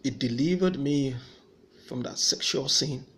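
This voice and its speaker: A man's voice: mid-range voice, measured pace. A man giving an earnest personal faith testimony, telling his story and voicing remembered dialogue.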